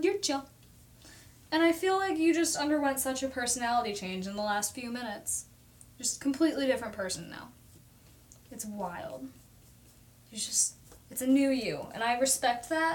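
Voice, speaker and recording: A young woman chatting casually on a livestream while she paints, talking through her process, reading viewer comments aloud and poking fun at herself. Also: high-pitched. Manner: chatty, self-deprecating, reads out viewer comments.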